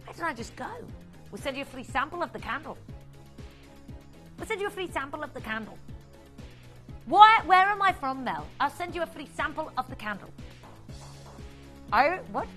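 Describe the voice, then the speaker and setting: A woman's voice: sits high, sing-song, moderate pace, pauses often, pushed and bright, soft background music. A woman presenting a live TV shopping sale, bubbly and chatty, often repeating her phrases. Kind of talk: live TV sales pitch.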